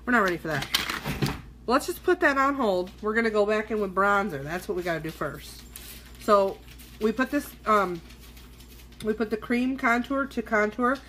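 A woman with a mid-range, fairly bright voice and lively intonation hosts a casual makeup tutorial streamed live from a phone or webcam. Speaking at normal speed, she chats loosely with viewers while she works, dropping the odd swear word. There's a little hiss or hum.

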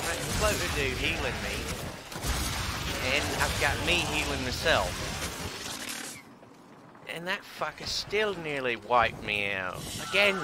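Male gaming commentator, fairly high and animated, crude and sarcastic, game sounds behind. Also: heavy background noise. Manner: sweary, loud bursts of outrage and laughter. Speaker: gaming streamer. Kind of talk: profane gameplay commentary.

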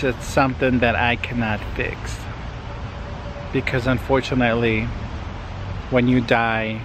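A man's voice: medium pitch, background noise. A man talking to his camera in a casual vlog, reflective and open about his feelings. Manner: slow, emotional, reflective then chatty. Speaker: vlogger.

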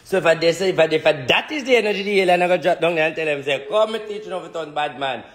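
A man with a Jamaican accent, rambling and joking in a casual live talk, breaking into laughter and loud shouts. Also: a little high, animated, rapid-fire, echoey room. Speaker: spiritual reader.

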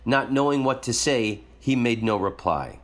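A man hosting a show, reading a short story aloud in a calm storytelling manner. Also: medium pitch, moderate pace. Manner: calm storytelling, jokey afterwards. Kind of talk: reading a story aloud, then casual asides.

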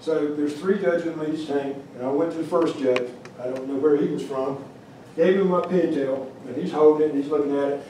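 A man's voice: fairly high pitch, steady tone, a little fast, hardly any pauses, warm tone, a little hiss or hum. A man giving a humorous, rambling storytelling lecture about his carving at a museum, with many restarts. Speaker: wildlife carver giving a talk. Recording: echoey room, mic far off.

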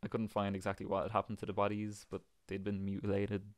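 A man's voice: lowish voice, fast talker. A young man with a Dublin accent, co-hosting a podcast and telling a story casually. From Dublin, Ireland. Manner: relaxed storytelling with swearing. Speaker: podcast host.

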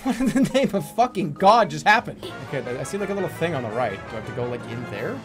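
Animated, high-voiced young male streamer. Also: quick pace, music in the background. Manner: rambling, profane, laughs a lot. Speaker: game streamer. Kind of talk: casual let's-play commentary.

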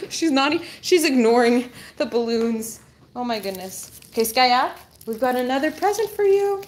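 A woman with a high voice hosts a live stream from her home. She coaxes her dog in bubbly, sing-song baby-talk and thanks her viewers. A faint hiss sits under her voice. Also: a bit bright. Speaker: pet channel host. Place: home, indoors.

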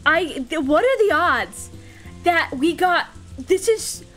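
Woman game streamer, very high voice, unhurried delivery, expressive and talks to chat, faint music behind. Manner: excitable and expressive, talking straight to chat. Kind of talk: live gameplay commentary.

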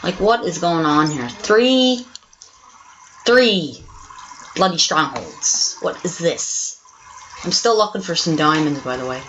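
A woman hosting a let's play video, giving excitable gameplay commentary full of exclamations and swearing. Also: low voice, slow, long pauses, highs cut off, slight background noise.

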